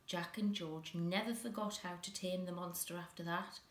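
A woman reading a children's story aloud with an expressive, dramatic delivery, in an echoey room. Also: fairly low pitch, moderate pace.

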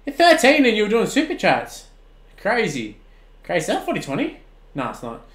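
An Australian man in his twenties streaming a football video game, shouting at the plays and then chatting casually with viewers. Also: sits high, normal speed, reverberant. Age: 20s. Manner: excitable, swings from shouting at the game to relaxed chat. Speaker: gaming streamer. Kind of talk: live-stream commentary and chat replies.

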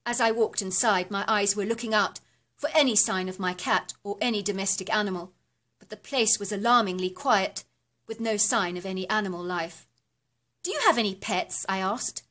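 Woman reading a horror story. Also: medium pitch. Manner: steady, descriptive storytelling with measured lists. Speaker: narrator.

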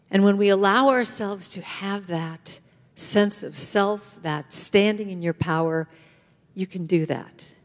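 A woman speaking as guest speaker at a church, giving an inspirational talk with lively storytelling and call-and-response. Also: fairly low pitch. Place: church sanctuary. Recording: long hall reverb.

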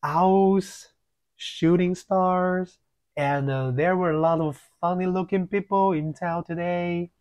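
A man's voice: high-pitched, steady tone, a little mellow, voice pushed up. A man voicing a nervous, hesitant husband. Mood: uneasy. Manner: hesitant, mumbling, with halting pauses. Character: nervous middle-aged man, fussy and uneasy. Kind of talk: audiobook reading.

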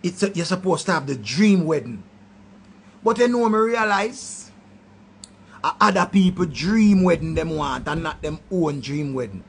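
A man with a Jamaican accent ranting loudly in a commentary, throwing insults in patois. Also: a little high, animated, a little slow, slight background noise. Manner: loud, insulting rant in patois. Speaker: online commentator.

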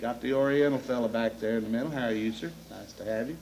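A man's voice: mid-range voice, steady tone, quick pace, vocal fry, a little mellow, slight background noise. A man doing a crude stand-up routine, laughing at his own jokes before a live audience. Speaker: stand-up comedian.

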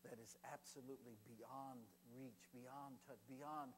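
An older man preaching a sermon as a pastor, animated and swinging between loud, excited stretches and hushed ones. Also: medium pitch, measured pace. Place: church service. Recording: echoey hall with faint hum.

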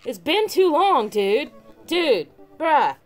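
Casting: woman playing a slangy surfer-bro dad, drawling, pitched up and loud, game voice-over. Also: big pitch swings, takes it slowly, faint music behind, exaggerated voice. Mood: excited. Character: laid-back surfer-dude bro, young father. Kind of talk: let's play voice acting.

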